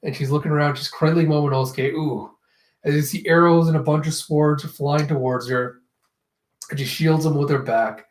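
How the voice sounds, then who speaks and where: A man's voice: a little high, fairly even intonation, normal speed, echoey room. A man casually reading through a comic chapter, acting out the characters' lines in a raised voice and laughing often. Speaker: manga reaction host. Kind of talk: casual manga reading and reaction.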